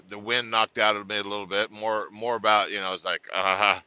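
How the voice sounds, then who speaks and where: Folksy guy telling a funny story on himself, real bright punchy voice, kinda muffled lo-fi. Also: lowish voice, fairly even intonation, normal speed, smooth, no room sound. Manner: chatty, folksy, self-deprecating, with laughs and restarts. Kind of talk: humorous personal storytelling. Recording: slightly dull lo-fi recording.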